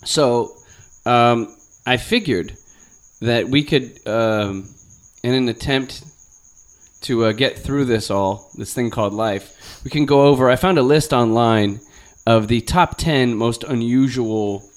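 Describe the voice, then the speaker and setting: A man hosting a podcast in casual comedic chat, joking and animated, sometimes trailing off into quiet asides. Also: mid-range voice, slow pace. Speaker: podcast host.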